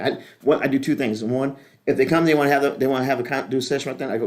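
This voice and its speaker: A man's voice: medium pitch, expressive, rapid-fire. A middle-aged man, a pastor, teaching a leadership class in a casual, rambling, joking way with many restarts.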